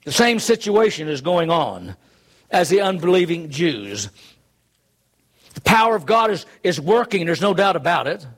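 A man's voice: a little high, sing-song, normal speed. A man preaching a sermon, earnest and emphatic, driving his points home with rhetorical questions.

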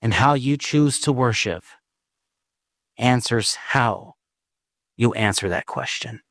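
Slow, earnest man preaching. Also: medium pitch, fairly bright tone, no echo, studio quality. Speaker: pastor. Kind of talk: sermon with personal testimony and prayer.

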